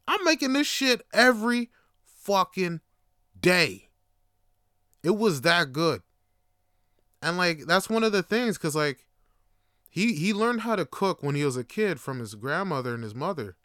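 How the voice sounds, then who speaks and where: A man hosting his show, telling a story casually, full of swearing and sudden excited jumps up in pitch. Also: no echo, studio quality. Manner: animated, profane, voice jumps high when excited. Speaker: podcast host.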